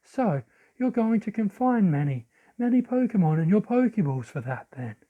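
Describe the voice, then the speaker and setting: A man voicing a quiet, doubtful young male trainer in a soft, hushed voice. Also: high voice, very animated, moderate pace. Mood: musing. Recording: lo-fi audio.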